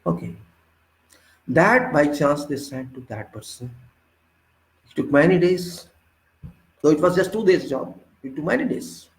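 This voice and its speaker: A man with an Indian accent giving an unscripted engineering lecture, forceful and indignant, pressing his points with sharp rhetorical questions. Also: fairly high pitch, lively intonation, a little slow, pauses often, reverberant, low-quality recording. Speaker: civil engineering instructor.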